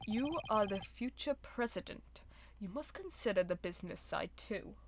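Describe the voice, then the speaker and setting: A woman's voice: mid-range voice, expressive, close to an everyday voice. A woman reading as a fussy, formal male butler. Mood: formal courteous. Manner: formal, courteous, measured. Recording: noisy stream audio with clicks.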